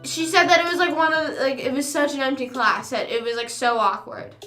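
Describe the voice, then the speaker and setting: A young woman chatting on her live stream, telling a story in a high, bright voice and slipping into the voices of the people in it. She fills her talk with "like". The room sounds echoey, with faint music underneath. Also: fairly even intonation, brisk. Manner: chatty, lots of "like", acts out quoted people. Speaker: livestream host. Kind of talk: casual storytelling chat.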